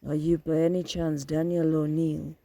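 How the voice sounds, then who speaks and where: A man's voice: a little high, level tone, moderate pace, gravelly, warm tone. A man playing a courtly older Frenchman. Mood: cordial. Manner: polite, formal. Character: courteous older Montreal gentleman.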